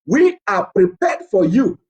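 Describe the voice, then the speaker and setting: High-voiced preacher, defiant. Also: male voice, very animated, a little slow, mellow, muffled recording. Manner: emphatic, repetitive, defiant. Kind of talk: impassioned political preaching.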